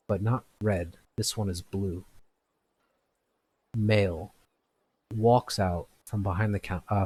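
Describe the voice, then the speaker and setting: A man's voice: sits low, a little mellow, breathy edge. A man narrating a tabletop game as game master, with frequent restarts and fillers. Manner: halting, many restarts and fillers.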